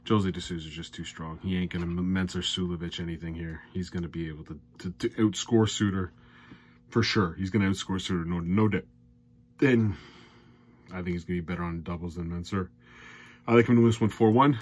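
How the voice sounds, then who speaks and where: A low-pitched man with a husky edge talks darts picks and betting odds. He rants in exasperation, his voice jumping high and loud when worked up, then drops back to a grumbling, matter-of-fact tone. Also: steady tone, a little fast. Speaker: darts predictions host. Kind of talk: sports betting commentary.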